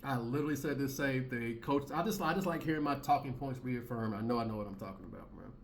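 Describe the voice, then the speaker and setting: A man in his thirties rants bluntly into the camera, heated and slangy, circling back to the same points. His voice sits in an ordinary middle pitch, and a faint hum runs behind him. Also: fast talker. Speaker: commentary channel host. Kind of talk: blunt commentary rant.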